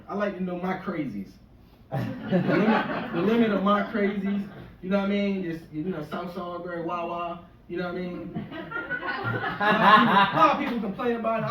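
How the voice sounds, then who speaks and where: A man's voice: sits high, dull audio. A man in his forties from the US East Coast shore doing a rambling, profane stand-up rant in a conversational way. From US East Coast shore area. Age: 40s. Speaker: stand-up comedian. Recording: echoey room, mic from a distance, faint noise.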